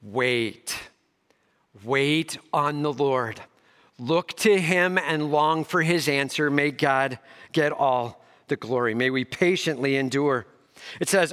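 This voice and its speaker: A man preaching a sermon who swings between emphatic raised passages and hushed soft ones, with casual slangy asides. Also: fairly high pitch, expressive, slow pace. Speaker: pastor. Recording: long hall reverb.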